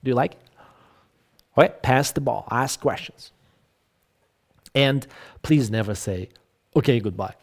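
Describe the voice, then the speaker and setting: A man lectures on an online video call at a middle pitch. He talks in a loose, conversational way, full of "like" and "uh". He often restarts his sentences. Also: a little slow, pauses often. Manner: lively, conversational, frequent fillers and restarts. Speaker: English lecturer.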